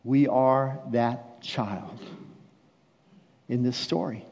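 Slow, impassioned male preacher in a hall. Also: mid-range voice. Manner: swings from hushed intimate lines to loud impassioned declarations. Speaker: pastor. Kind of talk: sermon. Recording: dull sound with long hall reverb.

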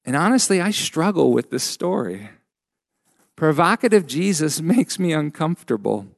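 A man preaching a sermon as a pastor, measured and emphatic with frequent pauses. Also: fairly high pitch, sing-song, creaky, no room sound, studio quality.

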